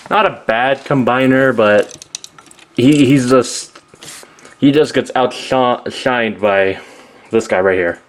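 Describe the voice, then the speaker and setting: A man's voice: medium pitch, a little hiss or hum. A man giving a casual, rambling toy review, often correcting himself mid-sentence. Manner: rambling, self-correcting, offhand.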